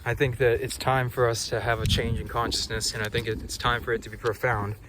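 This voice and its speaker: A man speaking slowly and softly in a reflective spiritual vlog, recorded outdoors. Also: mid-range voice, little pitch movement, background noise. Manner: slow, soft, dreamy and reflective. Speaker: vlogger.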